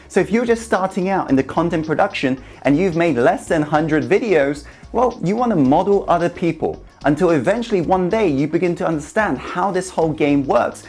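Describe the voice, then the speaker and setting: A man's voice: high-pitched, a little mellow. A man giving an earnest, emphatic motivational talk straight to camera, speaking to the viewer as one person. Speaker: motivational YouTube host. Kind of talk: direct-to-camera coaching talk.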